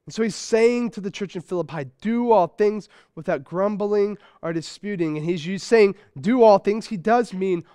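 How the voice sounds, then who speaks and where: A man's voice: sits high, moderate pace, few pauses, mellow, clear, resonant tone, no room sound, studio quality. A man in his thirties preaching a sermon in a conversational way, weaving in a family story. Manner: conversational preaching with personal stories. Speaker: pastor. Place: church sanctuary.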